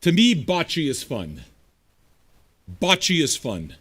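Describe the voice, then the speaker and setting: Profane, lively-voiced man host. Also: a little high, slow, husky. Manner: blunt, profane, combative banter. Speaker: streaming radio DJ host. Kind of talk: casual livestream chat answering viewers.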